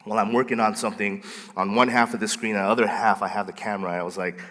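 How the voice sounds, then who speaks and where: Guy pastor preaching, animated storyteller, bright voice ringing in a big echoey church. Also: fairly low pitch, fast. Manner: playful, animated storyteller who acts out scenes. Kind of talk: sermon with storytelling. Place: church sanctuary.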